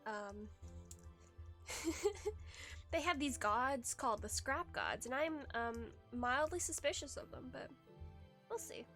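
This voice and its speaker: This is a woman's live-stream chatter during a game, loose and rambling, with restarted sentences and little laughs. She speaks slowly with long pauses, in a high, bright voice with a forceful tone, while faint music plays behind her.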